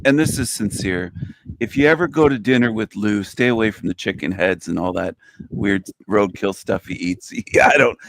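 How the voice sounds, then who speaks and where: A man with a gravelly voice banters and teases the other panelists, often breaking into laughter. His voice sounds dry and close, with no room around it. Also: mid-range voice, dry recording. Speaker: regular panelist. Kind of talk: casual teasing chat.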